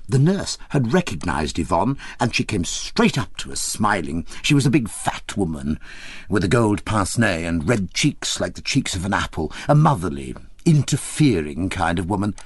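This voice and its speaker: A man reading an audiobook, telling the story in an expressive, wry way. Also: deep voice, normal speed, husky, no room sound. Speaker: audiobook reader. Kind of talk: audiobook narration of a memoir.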